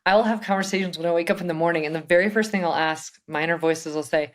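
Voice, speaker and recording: Low-voiced woman, confident coaching tone. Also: fast. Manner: confident, coaching tone, often asks rhetorical questions. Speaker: podcast co-host. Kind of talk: casual podcast conversation.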